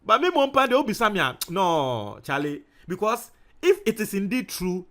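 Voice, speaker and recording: A young man with a Ghanaian accent talks through the news in lively commentary. His voice sits high and swings widely in pitch. He keeps explaining his points and coming back to them to make them clear. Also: normal speed. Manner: animated, explaining and repeating points. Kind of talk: commentary mixing Twi and English.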